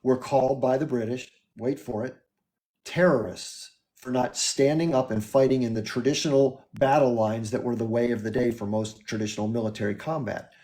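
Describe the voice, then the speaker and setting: An American man hosts a live stream debate in a measured, lecturing way. His voice is mellow and dark, sitting at a middle pitch. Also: fairly even intonation. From United States. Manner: measured, lecturing, repeats the caller's name. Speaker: livestream host.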